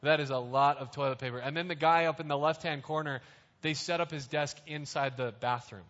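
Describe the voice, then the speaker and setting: Higher-voiced preacher in a reverberant hall. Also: male voice, fairly even intonation, fairly quick, a bit bright. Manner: conversational, explains scripture in plain words. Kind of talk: sermon. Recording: reverberant hall, dull lo-fi sound.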